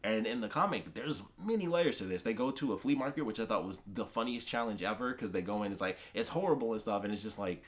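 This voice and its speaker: A young man talks through his thoughts on a comic series in a casual vlog. He speaks quickly in a slightly low voice, rambling and excitable, full of restarts and fillers. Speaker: comic book vlogger. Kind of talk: casual chat.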